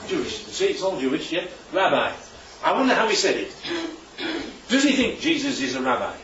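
Lively preacher in an echoey hall. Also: male voice, fairly high pitch, brisk. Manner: lively, chatty, asks the room questions. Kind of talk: sermon. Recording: echoey hall from far off, dull.

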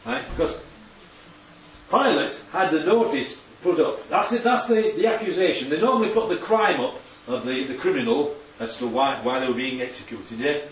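A man's voice: a little high, expressive, moderate pace. A man giving an informal Bible teaching talk, chatty and full of tag questions. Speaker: preacher teaching from slides. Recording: echoey room, distant dull mic, faint hum.

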